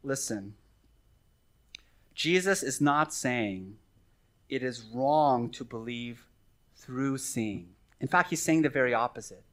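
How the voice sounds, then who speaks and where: A man's voice: medium pitch, animated, slow, pauses often. A middle-aged male pastor preaching a sermon in an earnest, conversational teaching manner with friendly asides.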